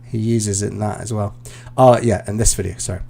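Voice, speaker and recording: A British man, an IELTS teacher, giving relaxed, explanatory feedback in a live online class, with plenty of ums and uhs. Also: fairly low pitch, brisk, creaky, faint music behind.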